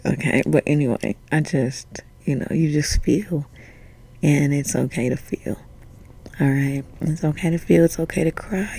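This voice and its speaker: A woman talking straight to a listener in a soft, half-whispered, reassuring way, swearing casually as she goes. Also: low-pitched, moderate pace, creaky, breathy edge. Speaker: spiritual channeler speaking to a viewer. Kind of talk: intimate direct-to-camera talk.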